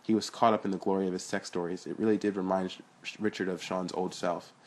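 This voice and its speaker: A man reading his own story aloud as narrator, in a plain, steady way with a husky voice. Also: low-pitched, quick pace.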